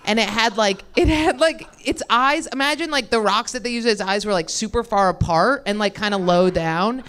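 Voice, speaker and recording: A woman's voice: mid-range voice, moderate pace, fairly bright tone, smooth. A young woman doing a stand-up set on a club stage, rambling and self-deprecating, laughing mid-sentence and losing her thread. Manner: loses her thread, many fillers and restarts. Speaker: stand-up comedian.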